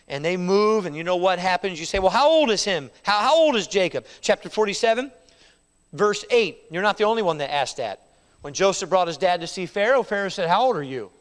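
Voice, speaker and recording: A male pastor delivering a sermon, his voice a touch higher than most men's. He swings from loud, stirring lines to hushed retellings. The sound rings with the long reverb of a church sanctuary. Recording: reverberant hall.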